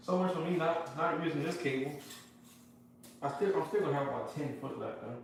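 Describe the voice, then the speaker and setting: A man's voice: fairly high pitch, roomy sound, background noise. A man hosting a live stream while working in his garage, telling stories and joking with chat. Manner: joking storyteller, talks to chat, slangy. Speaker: livestream host. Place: garage workshop.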